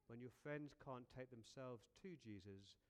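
A man preaching a sermon as a lively, conversational story, often repeating words and asking rhetorical questions. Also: medium pitch, measured pace.

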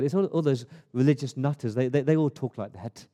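A man preaching a sermon as pastor, rising to emphatic lists of praise and easing into quiet prayer. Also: medium pitch, brisk, hardly any pauses. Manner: builds to emphatic praise, then drops to a soft prayer.

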